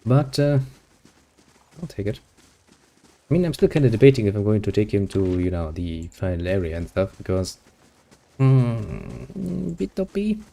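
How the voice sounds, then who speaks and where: A man casually commenting on a role-playing game, swearing in a relaxed, sarcastic way and reading the game's text aloud. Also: lowish voice, measured pace, gravelly, pauses often. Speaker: gaming video host.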